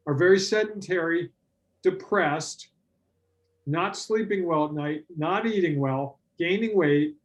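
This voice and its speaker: A middle-aged man leads a business workshop in a relaxed, talky way, with a voice pitched a little above the usual for men. He tells stories and slips into the voices of the clients he quotes. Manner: animated storytelling, acts out quoted clients. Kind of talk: conversational workshop talk.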